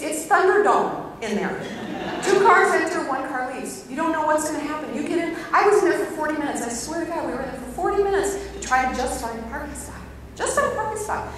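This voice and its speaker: A middle-aged woman giving a humorous sermon as a guest speaker, telling a personal story with animated storytelling and bursts of mock anger. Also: high-pitched, quick pace, slight background noise. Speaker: guest speaker at a church service. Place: large church hall. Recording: echoey hall recorded from far off.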